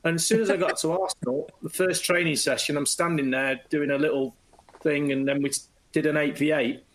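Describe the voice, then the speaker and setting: A middle-aged man, a former footballer, telling anecdotes as a guest in a lively way and slipping into quoted voices. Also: fairly high pitch, brisk, rough recording. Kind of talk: anecdotal storytelling.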